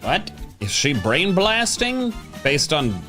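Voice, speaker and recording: A woman streamer commentating her gameplay casually, dropping to low mutters and jumping to high excited yelps. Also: slow, faint music behind. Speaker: game streamer.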